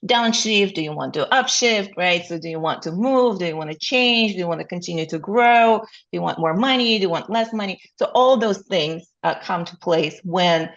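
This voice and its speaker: A woman's voice: lowish voice, moderate pace, hardly any pauses, a bit bright, highs cut off. A woman speaking as a coach in an interview, with frequent fillers and rhetorical questions. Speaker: burnout coach, guest. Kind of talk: interview answers.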